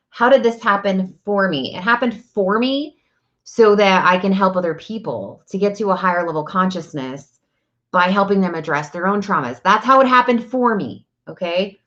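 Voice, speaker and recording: A woman's voice: fairly low pitch, a bit bright, dull audio. A woman giving a casual, earnest talk on energy healing, speaking directly and asking herself rhetorical questions. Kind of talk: casual spiritual talk to camera.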